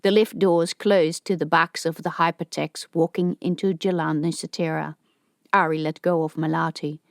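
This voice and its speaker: A woman narrating a science fiction audiobook in a steady, even storytelling voice. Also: low voice, normal speed, gravelly, no room sound, studio quality.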